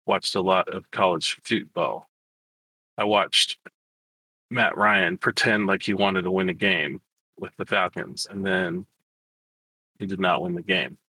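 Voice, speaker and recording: A man's voice: deep voice, fairly even intonation, a little slow, long pauses, sharp tone, breathy edge, no echo, low-quality recording. A man co-hosting a sports podcast, talking casually and rambling with hesitant restarts. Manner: rambling, hesitant, self-correcting. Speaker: podcast co-host.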